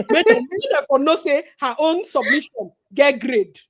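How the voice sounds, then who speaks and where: Nigerian woman, high voice, casual gossip chat, preachy, Pidgin mixed in. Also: moderate pace, few pauses. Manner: animated, preachy, mixes Pidgin. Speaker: co-host.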